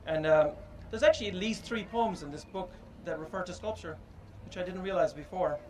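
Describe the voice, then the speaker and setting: A man speaking at an unveiling, his voice sitting a little high. He talks informally and thoughtfully, pausing often and filling gaps with ums as he goes. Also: low-quality recording. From Ireland. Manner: halting and reflective, with many pauses and fillers. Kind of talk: informal public speech.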